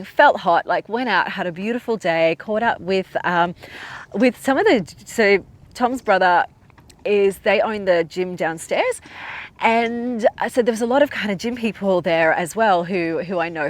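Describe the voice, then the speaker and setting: A woman, perhaps in her thirties, hosts a podcast and tells a personal story. Her talk is chatty and heartfelt, full of "like" and small restarts, at an average pitch for a woman. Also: normal speed. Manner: chatty and emotional, many "like" fillers. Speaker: podcast host.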